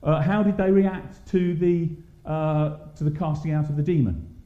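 A man's voice: a little high, fairly even intonation, moderate pace. A man leading an interactive Bible study in a church hall, questioning the group with many ums and restarts. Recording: echoey, muffled church hall.

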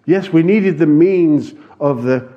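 This man's voice runs somewhat high and slow as he earnestly tells a congregation about his mission experience, with some restarts. He speaks as a church missions speaker, and the recording sounds dull and lo-fi.

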